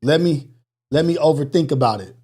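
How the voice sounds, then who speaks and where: A slightly high-voiced man hosts a morning show, out of breath as he chats casually with his viewers. He talks with lively exclamations and slips into preachy motivational encouragement. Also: brisk, slightly rough. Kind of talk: casual live call-in chat.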